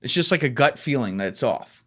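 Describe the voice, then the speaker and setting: A man's voice: mid-range voice, animated, brisk, a bit bright. An anxious male executive keeps insisting something is off, as a man retells him in a story. He pleads and presses, his voice lifting a little. The tone stays close to ordinary talk. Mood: insistent. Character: worried male company boss, insistent.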